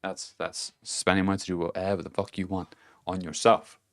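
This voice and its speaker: A man's voice: low voice, little pitch movement, fairly quick, a bit bright. A man giving a casual motivational monologue to camera, blunt and profane, chuckling between his points. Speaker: vlogger.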